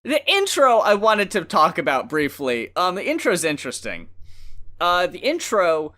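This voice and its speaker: Co-host, male: bright tone and a slightly high voice, relaxed and profane, laughs easily. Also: moderate pace. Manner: laid-back, swears freely, laughs often. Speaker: co-host of an album review show. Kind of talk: casual review chat.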